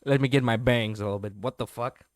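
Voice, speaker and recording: A man's voice: mid-range voice, fairly even intonation, fast talker, no room sound. A male streamer giving casual reaction commentary, rambling with lots of fillers and the odd swear word, speaking close to his mic. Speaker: streamer reviewing lore videos.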